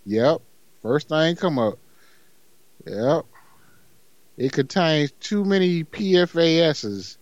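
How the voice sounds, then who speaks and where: A man's voice: on the high side, lively intonation, takes it slowly, pauses often, no room sound, muffled recording. A man co-hosting a podcast, chatting casually and teasing, stretching out long words syllable by syllable. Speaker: podcast co-host. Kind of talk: casual comedic chat.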